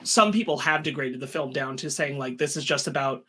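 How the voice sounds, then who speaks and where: A man's voice: mid-range voice, fairly quick, fairly bright tone, husky. A man co-hosting a podcast, thinking aloud in a long-winded, hesitant way. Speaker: podcast co-host. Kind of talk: casual chat.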